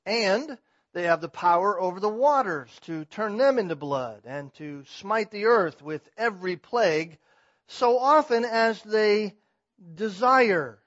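A man's voice: sits high, lively intonation, measured pace, fairly bright tone. A man preaching an expository sermon, verse by verse, building emphasis on key points. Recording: slightly muffled lo-fi sound.

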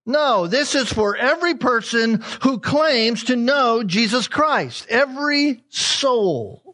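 High-voiced man preaching emphatically. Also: expressive, slow, bright, forceful tone. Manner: emphatic, repeating key phrases, rhetorical questions. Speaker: pastor. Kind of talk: sermon.

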